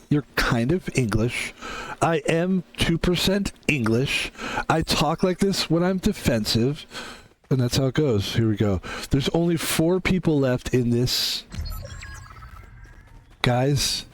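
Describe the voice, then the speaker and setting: A hoarse man whose voice is still recovering, rambling chattily while he streams a game. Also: medium pitch, animated, slow. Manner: rambling, chatty, self-mocking. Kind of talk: casual live-stream chat while gaming.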